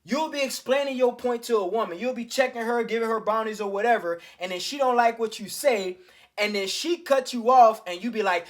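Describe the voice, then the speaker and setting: Male host, high-ish voice, blunt and slangy, casual dating-advice monologue. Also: fairly quick. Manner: blunt, slangy, profane, addresses listeners as fellas.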